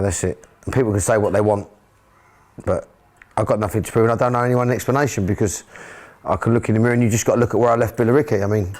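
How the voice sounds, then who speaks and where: A man's voice: on the low side, a little mellow. A middle-aged man from England, a football club owner and manager, speaking emotionally and repeating himself in a candid documentary interview.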